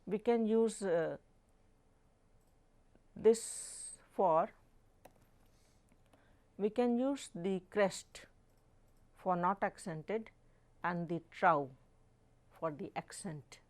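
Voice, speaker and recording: Slow, deliberate woman lecturing with Indian accent. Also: mid-range voice, a little mellow. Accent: Indian English. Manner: emphatic, stresses words to demonstrate pronunciation. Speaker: professor teaching a live online course.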